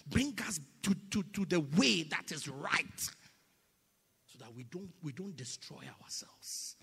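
A male preacher delivering a sermon in a church, swinging between loud emphatic cries and hushed whispers and repeating phrases in a call-and-response rhythm. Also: a little high, sing-song, unhurried, vocal fry, slightly rough, big-room sound. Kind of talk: sermon with congregational prayer.

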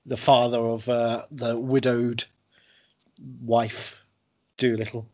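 A man co-hosting a podcast, chatting casually with jokes, swearing and quick impressions. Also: mid-range voice, little pitch movement, a little mellow. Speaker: podcast co-host. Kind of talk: casual chat.

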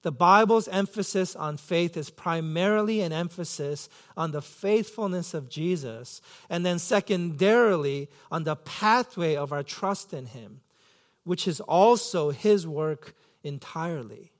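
A man's voice: on the high side, lively intonation, a little slow. A man preaching a sermon as pastor, earnest and self-questioning, acting out his own pleading thoughts.

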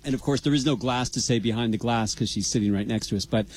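A man's voice: medium pitch, quick pace, background noise. A middle-aged man hosting a college radio show in a studio, joking and rambling with his co-hosts. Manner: playful, rambling, punning.

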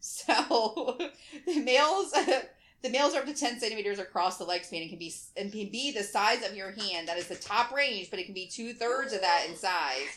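A woman's voice: mid-range voice, expressive, normal speed, fairly bright tone. A woman co-hosting a podcast in casual chat, laughing often and reading news aloud. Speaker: podcast co-host.

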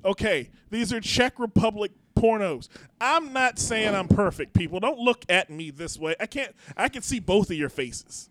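A man co-hosts a comedy podcast, his voice sitting notably high. He rambles through stories, swears freely and makes fun of himself. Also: expressive, normal speed, a bit bright, a little hiss or hum. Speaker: podcast co-host. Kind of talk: casual comedy chat.

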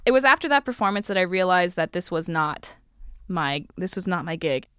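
A young woman, a radio producer, telling a personal story in a lively, wry conversational way. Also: fairly low pitch, brisk. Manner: lively, wry, laughs easily. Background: background music score.

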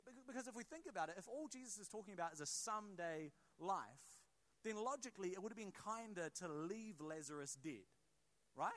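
A man preaching a sermon in a church in a relaxed, conversational way, often restarting phrases and joking with the congregation. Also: high voice, fairly quick. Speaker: pastor.

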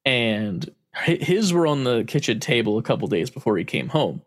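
A man's voice: medium pitch, very animated, moderate pace. A man in casual chat, telling a story with frequent laughs and casual swearing.

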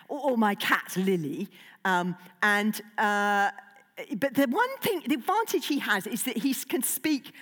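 A woman's voice: medium pitch, big pitch swings, a little slow, a bit bright. A woman children's author talking playfully to a young audience, asking them questions and reading aloud. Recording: long hall reverb.

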